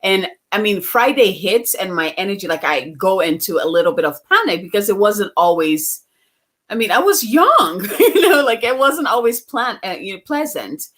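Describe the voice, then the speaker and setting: Very animated, this psychic medium guest from outside the US tells personal stories at normal speed, chatty and casual with frequent laughs and fillers. Her medium-pitched voice is a bit bright, and the setting is a casual interview.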